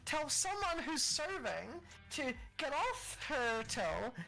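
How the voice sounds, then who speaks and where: A woman co-hosting a podcast, telling customer service stories in a casual, animated way, acting out angry customers and swearing freely. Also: high-pitched, slow, vocal fry, soft background music, rough recording. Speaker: podcast co-host. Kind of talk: casual storytelling chat.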